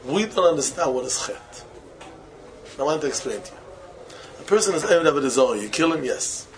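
A man, a rabbi, giving a Torah lecture in English full of Yiddish and Hebrew terms, with non-native phrasing, slowing to chant key phrases and breaking into sudden high exclamations. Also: animated, a little hiss or hum, poor audio. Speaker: rabbi teaching students. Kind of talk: Torah lecture to young men.

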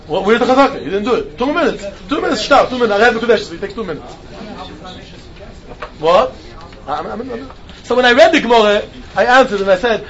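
A man giving an animated Talmud class lecture, mixing Hebrew and Yiddish terms into his English. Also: very high voice. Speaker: Talmud teacher. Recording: dull lo-fi recording with faint noise.

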